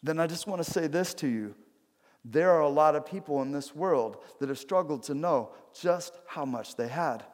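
A man's voice: medium pitch, long reverb tail. A man preaching a conversational sermon, asking his listeners direct questions. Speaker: pastor.

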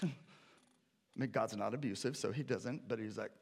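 A male pastor preaching a sermon with animated storytelling, acting out scripture characters. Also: on the low side, a little slow, gravelly, pauses often, breathy edge.

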